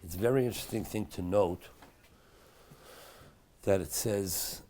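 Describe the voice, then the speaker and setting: A middle-aged man, a rabbi, teaching a Torah class in a synagogue study hall in a chatty, anecdotal way, dropping to a hush at dramatic moments of his stories. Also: fairly low pitch, measured pace, slight background noise. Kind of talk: storytelling Torah lecture.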